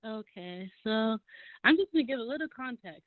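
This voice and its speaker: A woman's voice: fairly high pitch, expressive, normal speed, no echo. Woman, 20s, caller, phone line sound, dry, earnest, explanatory. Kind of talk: phone-in commentary.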